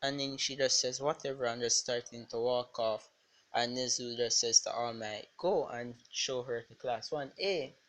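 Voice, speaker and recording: A speaker improvising a fan-fiction story aloud, rambling and halting, with many fillers and restarts. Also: medium pitch, fairly bright tone.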